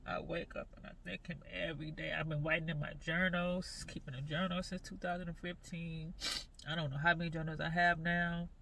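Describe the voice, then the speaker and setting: Earnest, halting woman vlogger. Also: on the low side, little pitch movement, creaky, pushed and bright. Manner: halting, repeats phrases, earnest and devout. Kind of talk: personal faith vlog talk.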